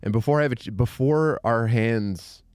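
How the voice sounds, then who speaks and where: A man's voice: mid-range voice, normal speed, clean tone, dry recording, studio quality. A young man hosting a casual podcast, telling stories with animation and acting out the voices of the people in them. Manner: animated storyteller, acts out other people's voices. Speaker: podcast host.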